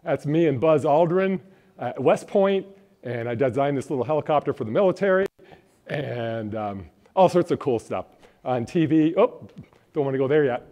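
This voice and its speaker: A man's voice: on the high side, animated, moderate pace, mellow. A man giving a live workshop on college costs into a mic in a room with an audience. He talks casually, rambles a bit and jokes with the crowd. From Phoenix, Arizona. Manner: jokey, rambling, chats with the audience. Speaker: college financial aid presenter. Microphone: handheld or stand mic.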